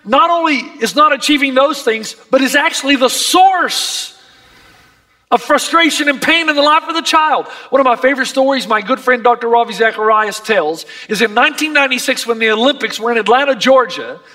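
A man's voice: very high-pitched, fairly quick, bright, forceful tone, in a large hall. A man preaching a sermon as pastor, emphatic and impassioned.

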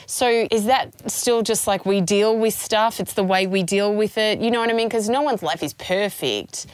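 A woman hosts a conversation, nodding along with short affirmations and asking questions in a loose, casual way. Her voice sits at a middle pitch. The sound is dry and close. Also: normal speed, clean tone, no echo. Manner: gives frequent brief affirmations, asks questions loosely. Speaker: podcast host. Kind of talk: conversational interview.

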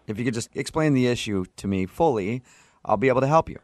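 Playful radio host on a prank call. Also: male voice, medium pitch, lively intonation, fast talker, no echo. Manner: playful, feigning innocence while munching.

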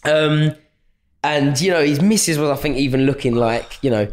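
A young man with a London accent, chatting as a fighter guest on a podcast, telling lively anecdotes and acting out what people said to him in a raised voice. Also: moderate pace. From England. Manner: chatty storyteller, acts out quotes in a higher voice. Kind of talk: casual podcast interview.

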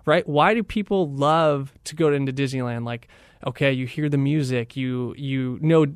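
With a medium-pitched, clean-toned voice at normal speed, this young training director speaks as a radio guest in a dry, clean studio recording. He's enthusiastic and motivational, animatedly voicing the characters in his stories.

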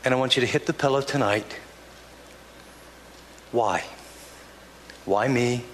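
A man's voice: mid-range voice, slow, fairly bright tone, a little hiss or hum. An older man, a pastor, preaching a sermon in a church in an earnest, conversational way, often restarting his sentences. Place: church sanctuary. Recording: long hall reverb, faint ambience.

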